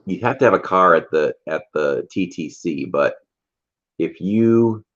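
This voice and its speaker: Man, very low voice, chatty storyteller, teasing, dull lo-fi stream audio. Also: lively intonation, measured pace, a bit bright. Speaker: livestream co-host. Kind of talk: casual chat.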